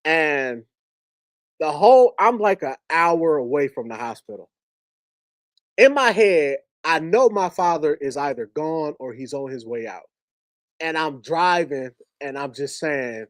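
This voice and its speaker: A man with a wife and two young kids shares a heartfelt personal story with an audience, emotional and repetitive, often restarting sentences. His voice is a little high and expressive, at a measured pace, with no echo.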